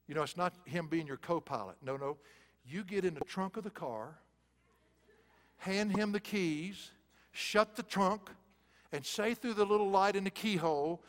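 A man preaching a sermon with a fairly high voice, dropping to near-whispers and then rising to loud, forceful bursts. His voice rings with the long reverb of a big auditorium. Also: moderate pace. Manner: swings from hushed, soft passages to loud, emphatic bursts.

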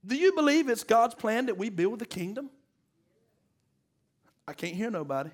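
A man delivers a sermon. His voice sits high for a man, and he calls out to the congregation for answers and jokes with them in a homespun way. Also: very animated, normal speed. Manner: call-and-response exhorting, folksy and joking. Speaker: preacher.

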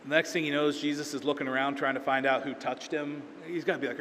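A pastor preaching a sermon in a relaxed, storytelling way, acting out quoted lines in everyday speech. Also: male voice, on the high side, quick pace, hardly any pauses, slight background noise. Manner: conversational storytelling with acted-out quotes. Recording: reverberant hall, faint ambience.

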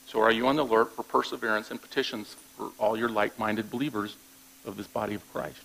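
A man's voice: lowish voice, level tone, fast, gravelly, fairly bright tone, rough recording. A man preaching a sermon in a conversational way, often checking in with his listeners and restarting phrases as he goes. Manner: conversational preaching with frequent "all right?" check-ins; repeats words when restarting thoughts. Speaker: pastor.

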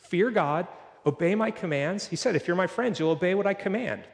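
A man preaching a sermon in a church, earnest, slowing down to read scripture. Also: high voice, expressive, gravelly, in a large hall. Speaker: pastor.

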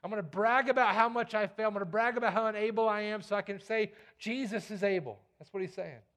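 A man with a high-pitched voice delivers a sermon as a pastor. He preaches emphatically, repeating key phrases and often turning to the congregation with a quick question. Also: a bit bright. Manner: emphatic, repeats key lines, asks the congregation "You get that?".

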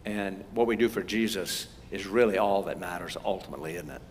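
A man's voice: sits low, fairly quick, slight background noise. A man from the United States giving a sermon, telling stories earnestly and building to emphatic points. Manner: earnest, storytelling, rising emphasis. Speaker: preacher. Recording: long hall reverb.

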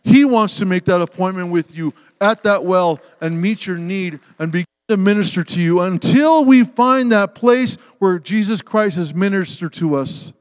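Male preacher, high voice, impassioned sermon delivery, echoing sanctuary. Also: expressive, moderate pace, hardly any pauses, smooth. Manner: impassioned, swings from loud emphasis to hushed tenderness. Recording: long hall reverb.

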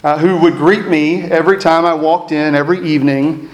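A man's voice: on the high side, steady tone, brisk. A man, preaching a sermon as pastor with reflective, self-deprecating storytelling. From East Texas. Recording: echoey room.

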